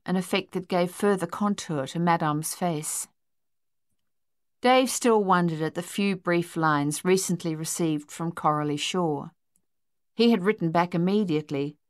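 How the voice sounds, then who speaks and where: Low-voiced woman narrating a wartime novel. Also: no room sound, clean studio sound. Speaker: audiobook narrator. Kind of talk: scripted narration.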